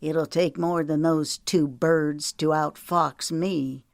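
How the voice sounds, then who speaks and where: A woman voicing a slow, sneering male villain. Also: low voice, steady tone, vocal fry, no echo, studio quality, full character voice. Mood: sly. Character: sly menacing male thief, low drawl.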